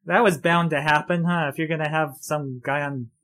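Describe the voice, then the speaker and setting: A man's voice: a little high, fairly even intonation, a bit bright. Rambling man chatting over a film. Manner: rambling, halting, quick laughs. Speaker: podcast co-host. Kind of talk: casual film commentary.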